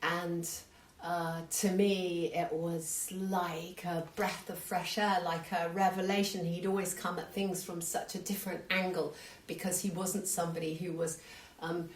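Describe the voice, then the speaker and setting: Woman storyteller, low voice, slow and easy, heard from a distance in a roomy hall with faint noise. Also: flat delivery. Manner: unhurried, conversational, self-deprecating. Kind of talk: live storytelling.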